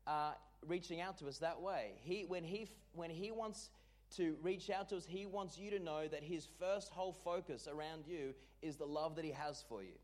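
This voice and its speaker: A man preaching a sermon, expressive and call-and-response, leading the congregation and joking with them. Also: fairly high pitch, moderate pace. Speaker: pastor.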